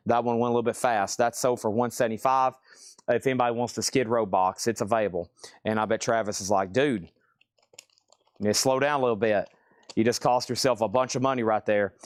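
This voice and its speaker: A man hosting a live vinyl auction stream, with a middle-pitched, everyday voice. He talks in loose, chatty patter, reeling off album titles and prices one after another. The sound is dry and close, with no room echo.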